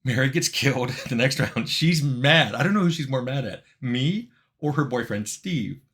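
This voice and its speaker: A middle-aged man casually telling a funny anecdote in a relaxed, wry way, sometimes laughing as he goes. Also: mid-range voice, normal speed. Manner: relaxed, wry, laughs at his own story. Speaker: game developer telling a story.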